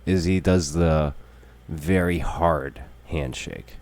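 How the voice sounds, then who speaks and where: A podcast guest with a very low voice chats casually with the host. His remarks are dry and teasing. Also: takes it slowly, a little mellow. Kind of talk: casual chat.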